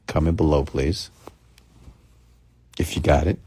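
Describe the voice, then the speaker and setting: A man coaching his live-stream audience, speaking slowly and deliberately and often checking in with them. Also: extremely low pitch, level tone, dark tone, slightly rough. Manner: slow, deliberate speech with long pauses, often checking in with the audience; mimics fast rambling talk to show the contrast.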